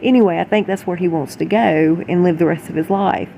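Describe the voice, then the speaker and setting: A woman's voice: on the low side, a little fast, creaky, dark tone, a little hiss or hum, poor audio. A woman vlogger reading gossip articles aloud and breaking off into chatty, opinionated, rambling asides.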